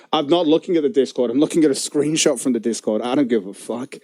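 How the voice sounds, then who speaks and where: A man's voice: medium pitch, brisk, hardly any pauses, dark tone. A man streaming live and commenting casually in a profane, giggly, mocking way.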